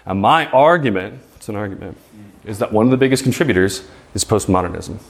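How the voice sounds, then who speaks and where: A man in his thirties giving a live presentation to an audience. He speaks emphatically and rhetorically, keeps asking "right?", and stumbles over repeated words when he gets excited. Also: lowish voice.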